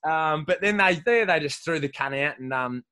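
An Australian man with a slightly higher voice spins crude, rambling stories and laughs his way through them. He swears constantly, talks loosely in casual podcast banter, and sounds like a comedian trading tales with a mate. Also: animated, moderate pace, pushed and bright, clean tone. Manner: profane, rambling, laughing storyteller.

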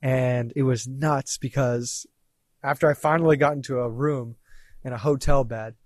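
Animated man telling a story casually. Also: medium pitch, normal speed, no room sound. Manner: animated, swearing, acts out quoted lines. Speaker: podcast guest.

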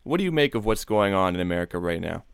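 Podcast host guy asking questions, smooth lowish voice, dry sound. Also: very animated, quick pace, no room sound. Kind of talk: interview questions.

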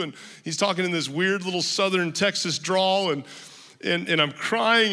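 Male pastor, sermon, emphatic personal storytelling, fairly high, piercingly bright, reverberant church hall. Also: normal speed.

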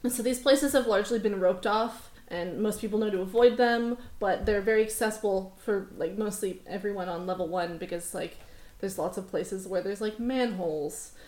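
A woman's voice: mid-range voice, moderate pace, darkish tone, roomy sound. Casual woman game master. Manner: casual, rambling, laughs often. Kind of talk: narrating a tabletop game. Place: construction zone.

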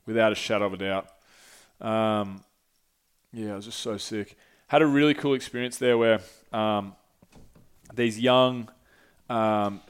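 A young man tells a travel story on his solo podcast. He rambles, swears freely and gets animated as he talks. His voice is smooth and clear on a close mic. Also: medium pitch. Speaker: podcast host.

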